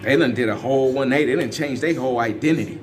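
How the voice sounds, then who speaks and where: A man's voice: medium pitch, quick pace, a little hiss or hum. A man, giving loose, rambling and emphatic fan commentary on his team. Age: 50s. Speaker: sports fan vlogger. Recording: faint music underneath.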